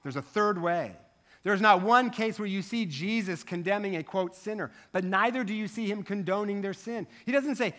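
Animated, bright-voiced male pastor preaching. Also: high-pitched, moderate pace. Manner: conversational and animated, with asides to the congregation. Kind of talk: sermon. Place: church sanctuary.

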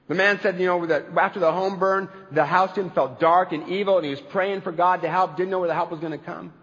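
A man with a high, bright-toned voice delivers a church sermon, moving from earnest storytelling into emphatic, rising declarations. His voice rings with a long hall reverb, as if in a church sanctuary, and the recording sounds a little dull and lo-fi. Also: steady tone, fast. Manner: earnest storytelling preacher, building to emphatic climaxes. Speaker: pastor.

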